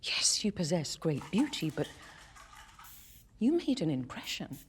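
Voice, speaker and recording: An actress playing a dignified older society woman in a period drama, grave and measured. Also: lowish voice, big pitch swings, slight background noise.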